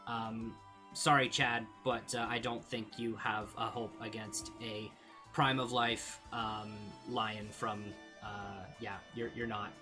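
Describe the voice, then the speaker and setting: A man's voice: mid-range voice, sharp tone. A young man from Canada answering viewer questions in a casual vlog, rambling with lots of fillers and small laughs. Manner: rambling, hesitant, many fillers, laughs easily.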